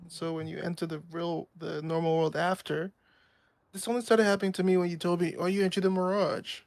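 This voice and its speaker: A man's voice: fairly high pitch, steady tone, brisk, vocal fry, no room sound. A young man streaming a game, chatting casually with a friend, joking and laughing often. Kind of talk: casual gaming chat.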